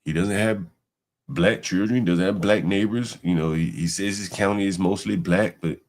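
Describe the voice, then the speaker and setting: Male stream host, very low voice, rambling and profane. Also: moderate pace, a little mellow. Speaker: livestream host. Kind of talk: casual livestream talk.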